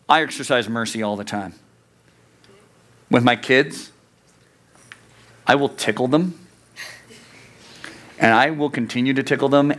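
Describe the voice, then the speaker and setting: A man in his thirties preaching a youth sermon, animated and joking, who jumps into high comic voices. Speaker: youth pastor.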